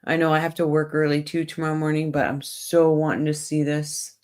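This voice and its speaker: A woman's voice: deep voice, level tone, brisk, a little mellow. A woman hosting a casual livestream, rambling in a friendly way and talking straight to her viewers. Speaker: livestream host.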